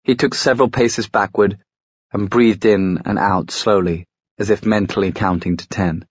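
A man narrating a fantasy novel as an audiobook, in a steady storytelling manner. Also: lowish voice, normal speed, slightly rough, dry recording, highs cut off. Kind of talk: scripted narration.

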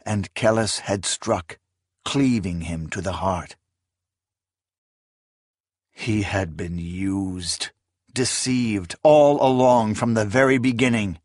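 A man reading fantasy narration aloud in a solemn, deliberate manner. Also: on the low side, a little mellow, dry recording, clean studio sound. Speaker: audiobook narrator.

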